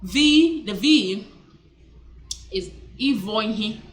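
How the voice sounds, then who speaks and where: With a medium-pitched voice and lively intonation, a female language teacher leads an informal vlog lesson, slowly repeating words, chatting away and correcting herself throughout.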